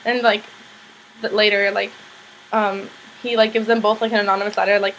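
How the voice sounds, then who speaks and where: A woman's voice: little pitch movement, a little fast, fairly bright tone, a little hiss or hum, poor audio. A young woman vlogger casually recapping a TV episode, chatty and full of "like", acting out the characters' lines as she goes. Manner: chatty, lots of "like", acts out characters' lines in higher voices.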